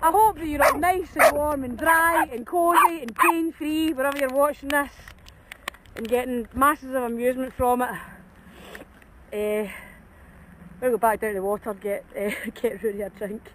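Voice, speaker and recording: A high-voiced woman talks to her phone camera in an open field while walking her dogs in the cold rain. She sounds run down from a cold but keeps up a chatty, self-mocking stream of talk, laughing often, with a faint hiss of outdoor noise behind her. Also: moderate pace, a bit bright, rough recording. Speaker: dog walker vlogger. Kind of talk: casual outdoor vlog chat.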